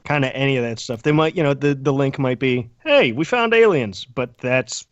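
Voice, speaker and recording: A man's voice: mid-range voice, steady tone, a little fast, clear, resonant tone, no echo, muffled recording. A man co-hosting a podcast in casual chat, rambling and joking with frequent restarts. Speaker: podcast co-host.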